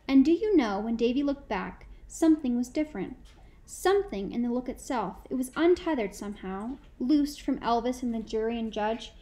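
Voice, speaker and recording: A woman narrating a first-person novel in a measured, reflective storytelling manner. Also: fairly high pitch, darkish tone, poor audio. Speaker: audiobook narrator.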